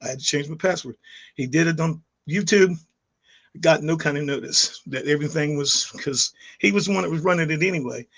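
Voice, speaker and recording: Gravelly middle-aged man ranting a story. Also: on the high side, brisk, a bit bright. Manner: rambling, heated, frequent restarts and fillers. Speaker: YouTube vlogger. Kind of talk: casual storytelling vlog.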